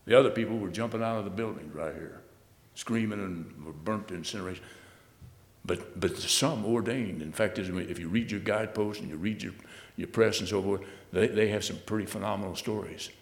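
A man preaching a sermon, reading scripture aloud and then expounding it, swinging between loud emphatic bursts and low, quiet asides. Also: fairly quick, big-room sound.

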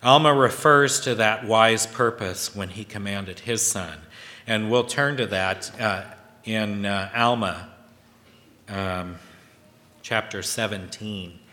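Slow, halting man preaching in a reverberant hall. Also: on the low side, sharp tone. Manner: slow and halting, reads scripture aloud. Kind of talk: scripture sermon.

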